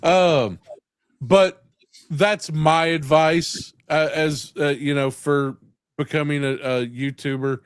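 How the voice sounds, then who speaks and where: A man's voice: on the high side, steady tone, takes it slowly, clean tone. A man hosting a casual live-stream chat, rambling and profane and laughing often. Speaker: host.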